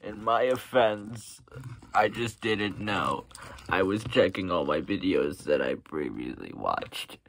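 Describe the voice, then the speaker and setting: A low-voiced man drags out a fake-sad apology to his viewers, sighing heavily between slow, deliberate phrases. His pitch sits on the low side. He drifts away from the mic at times. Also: animated, a bit bright, no echo. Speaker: YouTuber. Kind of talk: mock-serious apology vlog.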